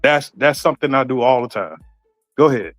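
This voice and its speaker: A man's voice: medium pitch, lively intonation, brisk, fairly bright tone, soft background music. A man arguing on an online panel, defensive and repeating himself. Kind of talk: heated argument.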